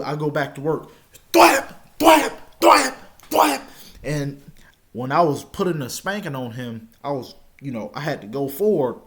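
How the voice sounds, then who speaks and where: A young man casually telling a personal story, stammering now and then and shouting out the lines he quotes. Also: mid-range voice.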